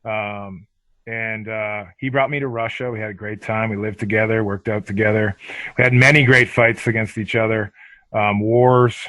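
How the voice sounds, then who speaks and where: A man telling stories as a podcast guest in a casual interview, animated and swearing freely. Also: on the low side, moderate pace, no room sound.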